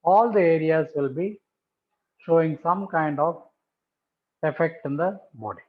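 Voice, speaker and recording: A man's voice: on the high side, a little slow. A man giving a methodical pathology lecture over slides, repeating key terms for emphasis. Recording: tinny phone-like audio.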